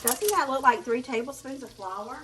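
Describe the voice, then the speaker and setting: A woman's voice: high voice, animated, normal speed. Chatty woman in her kitchen. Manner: chatty, self-deprecating, talks straight to viewers. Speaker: cooking channel host. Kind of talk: casual cooking vlog. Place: home kitchen. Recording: clear kitchen noise behind. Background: pots, pans and whisking.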